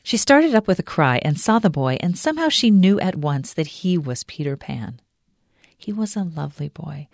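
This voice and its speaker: A woman, a radio producer, reading a classic storybook aloud in a gentle, measured way. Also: low voice, no echo, studio quality.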